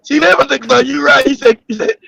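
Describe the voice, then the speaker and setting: A man hosting a casual comedic talk show, telling stories loudly and laughing often. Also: very high voice, quick pace, gravelly, dry recording. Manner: loud, laughing, animated storytelling. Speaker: podcast host. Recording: dull dry lo-fi audio.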